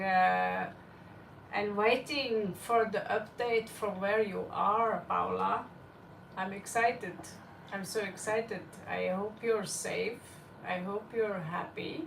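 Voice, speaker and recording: A woman's voice: mid-range voice, steady tone, takes it slowly, creaky, fairly bright tone, far from the mic, slight background noise. Giggly woman tarot reader, echoey room. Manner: giggly, laughs often. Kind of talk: live-stream chat.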